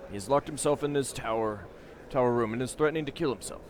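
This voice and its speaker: A man voicing a calm, solemn male faction leader who speaks in a measured, formal way. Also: medium pitch, a little hiss or hum, lightly acted.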